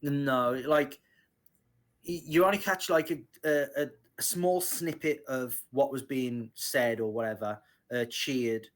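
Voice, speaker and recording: A man running a tabletop fantasy game, explaining the world to his players. He talks slowly and hesitantly, with frequent ums and restarts. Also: mid-range voice. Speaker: game master.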